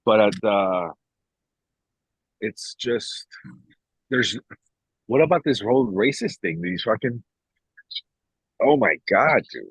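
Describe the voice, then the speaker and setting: A man's voice: on the low side, lively intonation, slow pace, gravelly, pauses often, slightly rough, no echo. A man in casual podcast chat, ranting in a profane, exclamatory way. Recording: dull, slightly lo-fi recording.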